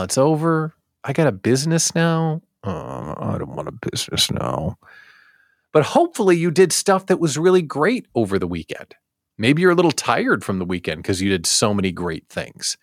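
A man's voice: medium pitch, dry recording, studio quality. A middle-aged man hosting a live show, talking to his viewers in a playful, upbeat way. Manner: playful, animated, talks straight to viewers. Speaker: host of a daily live small business show. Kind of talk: upbeat live-stream talk.

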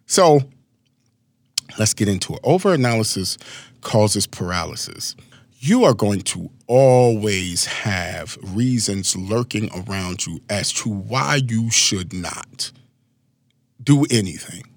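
A man in his forties from Maryland giving a casual motivational talk, animated and full of storytelling asides. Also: lowish voice, slow, no echo. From Maryland, USA. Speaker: motivational speaker.

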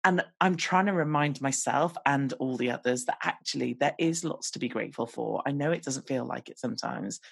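A husky-voiced woman in her forties speaks frankly and pokes fun at herself in a relaxed podcast conversation. Her voice is close and dry on the mic, with little room sound. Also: very deep voice, fairly quick, hardly any pauses, dry recording. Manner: candid, self-deprecating and chatty. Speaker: podcast guest. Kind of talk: casual conversation.

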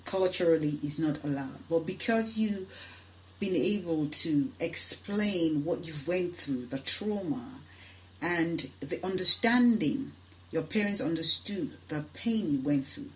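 A woman podcast host who interviews calmly, summing up her guest's words. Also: sits low, a little slow, poor audio. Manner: calm, summarizing the guest's words.

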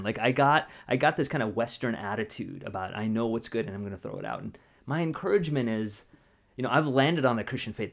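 A man co-hosting a faith podcast, telling stories in a casual, lively way. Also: medium pitch. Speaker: podcast co-host.

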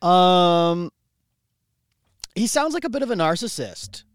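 A young man co-hosting a casual comedy podcast, trading playful deadpan one-liners. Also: high voice, slow, smooth, no echo. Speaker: podcast co-host, the show's dater.

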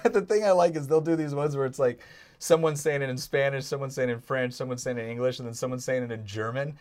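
A man hosting a podcast in casual chat, talking in an excitable, emphatic way. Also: medium pitch, quick pace. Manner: excitable, emphatic, laughs often. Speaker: podcast host.

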